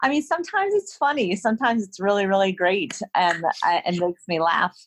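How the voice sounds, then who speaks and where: A woman's voice: medium pitch, a little fast, a little hiss or hum. A woman hosting a casual chat, playful and candid, often breaking into giggles.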